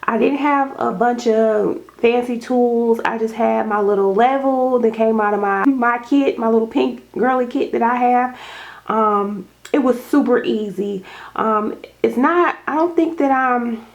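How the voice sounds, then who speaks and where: Gushing, excitable woman vlogger. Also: fairly high pitch, a little slow, highs cut off. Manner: gushing, excitable, says y'all. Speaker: home decor vlogger. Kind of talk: casual unboxing chat. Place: home dining room.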